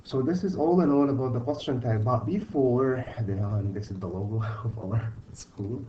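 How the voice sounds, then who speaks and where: A man's voice: mid-range voice, normal speed, dark tone. Man teaching grammar, distant dull recording. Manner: patient, repeats "okay?" to check understanding. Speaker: English teacher. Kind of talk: online grammar lesson. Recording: distant, dull mic with faint hiss.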